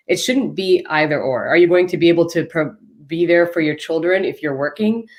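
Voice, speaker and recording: A woman speaking as a panel guest, earnest and articulate, building long arguments. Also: deep voice. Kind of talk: live panel discussion.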